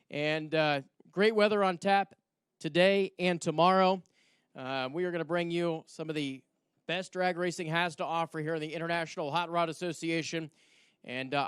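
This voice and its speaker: A man announcing drag racing live at the track, excitable and folksy, quick with a joke. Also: high-pitched, clean tone, dry recording. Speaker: track announcer and assistant general manager. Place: outdoor drag strip. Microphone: hand-held announcer mic.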